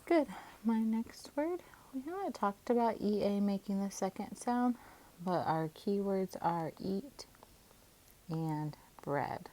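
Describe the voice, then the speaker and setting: A woman teacher calmly walking through syllable division, sounding out each part of a word. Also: mid-range voice, slow pace, poor audio. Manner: calm, methodical, sounds out syllables. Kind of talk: phonics lesson, syllable division.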